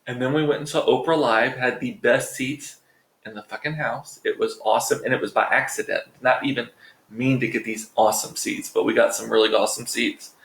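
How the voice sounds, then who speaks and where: A man talks straight to his viewers in a loose, rambling vlog monologue, swearing freely and tossing in jokes and asides. His voice sits at a middling pitch. The sound carries a noticeable roomy echo. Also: a bit bright. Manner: profane, joking, rambling asides. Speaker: vlog host. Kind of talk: casual chatty monologue to viewers.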